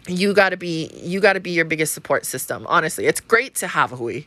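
A woman's voice: on the low side, brisk, few pauses, a bit bright. A woman from Hawaii hosting a casual spiritual podcast monologue, chatty and profane, laughing often. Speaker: podcast host.

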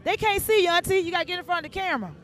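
A man hosting a live outdoor bike night, excitedly giving repetitive shout-outs. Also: very high-pitched, racing. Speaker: show host. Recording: crowd noise behind, outdoors.

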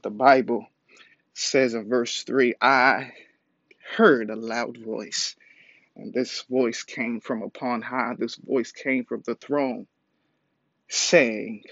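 A man preaching a sermon with measured, emphatic repetition and frequent pauses and fillers. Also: mid-range voice, no room sound, lo-fi sound.

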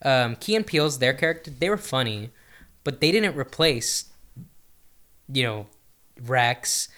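A man chatting casually with a friend about films. His voice is bright and forward, and he tends to slip into short put-on voices as he goes. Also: mid-range voice. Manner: animated, puts on quick character voices. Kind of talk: casual chat.

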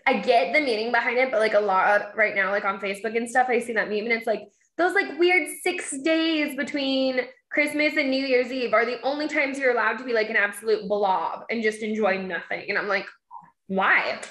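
A woman with a fairly high voice talks casually and laughs often, acting out other people's lines in a lively, exaggerated way. The room around her rings with a noticeable echo. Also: a little fast. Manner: giggly, animated, acts out quotes in a high voice. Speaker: mom and podcast guest. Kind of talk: casual chat. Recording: echoey room.

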